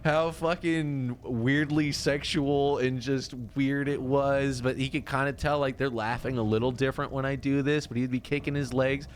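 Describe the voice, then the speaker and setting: A man's voice: medium pitch, steady tone, normal speed, hardly any pauses, slight background noise. A man streaming a game, telling stories in casual chat. He laughs often and swears freely. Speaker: let's play streamer. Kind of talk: casual chat while gaming.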